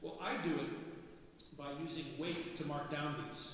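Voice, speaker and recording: A man's voice: fairly high pitch, fairly even intonation, normal speed, a bit bright. Male clinician, chatty lecturer, long echo, distant with faint room noise. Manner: casual, repeats and restarts words, asks the audience questions. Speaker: percussion clinician. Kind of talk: live clinic lecture with demonstrations. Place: concert hall stage. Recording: echoey hall recorded from afar.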